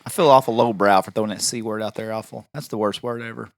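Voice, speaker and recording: A man's voice: on the low side, fairly even intonation, fast talker, gravelly. A man with a country accent co-hosting a casual podcast chat, joking and laughing at himself. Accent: rural country accent. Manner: joking, self-mocking, laughs often. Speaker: podcast co-host.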